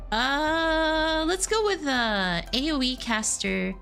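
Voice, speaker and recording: A woman with a high voice chats playfully while streaming a game, giggly and quick to joke about the story. Faint background music plays under her voice. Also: fairly bright tone. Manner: playful, giggly, reads game dialogue aloud. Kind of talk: casual game-reading stream.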